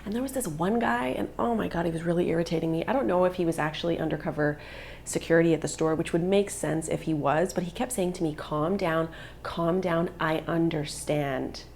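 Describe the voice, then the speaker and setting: A woman's voice: lowish voice, fast talker, gravelly, a little mellow, a little hiss or hum. A mother vlogging live, telling an upsetting story in an agitated, emotional way and filling it with "like.". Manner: agitated, upset retelling with many "like" fillers.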